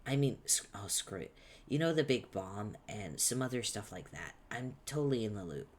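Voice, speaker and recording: A man's voice: fairly low pitch, lively intonation, moderate pace, slight background noise, close to an everyday voice. A man voicing a cheerful, naive teenage boy, upbeat and a bit puzzled, reading a webcomic aloud.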